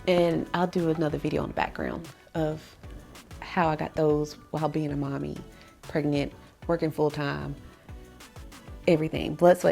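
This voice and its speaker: Gravelly chatty woman vlogging. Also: sits low, a little mellow. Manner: chatty and emotional, with laughs and restarts. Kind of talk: casual vlog chat. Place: home office. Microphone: camera on a tripod.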